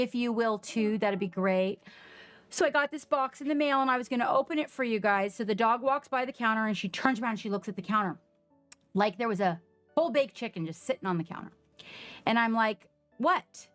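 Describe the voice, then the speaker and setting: A woman's voice: a little high, no echo. Chatty woman streamer telling stories. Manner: chatty storytelling, animated quoted reactions. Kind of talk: casual live-stream chat. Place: home.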